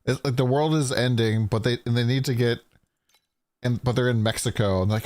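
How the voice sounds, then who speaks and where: A man's voice: medium pitch, fairly even intonation, a little fast, a little mellow, dry recording. A man streaming a game, talking loosely and casually with his chat, swearing freely as he explains his play. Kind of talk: casual livestream gameplay commentary.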